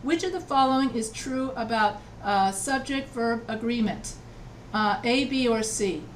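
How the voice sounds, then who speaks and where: A woman's voice: a little high, measured pace, recorded from a distance, a little hiss or hum. A woman writing instructor teaching an online class, patiently repeating answers and checking that students follow. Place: video call from home.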